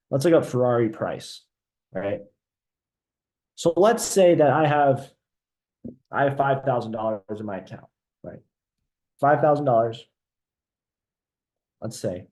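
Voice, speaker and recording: A man leading a live online sales training. He talks with energy, keeps checking in with the audience and acts out sales calls to show how they go. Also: medium pitch. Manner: energetic, repeats "right?" often, role-plays sales calls.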